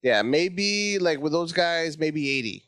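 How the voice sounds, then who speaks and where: Man, comedian guest; animated, profane storytelling, dry close sound. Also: slow, no echo. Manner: animated, profane, acts out his own panic in high voices. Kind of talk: casual storytelling chat.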